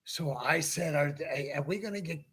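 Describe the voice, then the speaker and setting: A man's voice: fairly high pitch, moderate pace, a bit bright. A man hosting a casual talk show, telling a long anecdote and acting out the people in it. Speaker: podcast host. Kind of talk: casual storytelling chat.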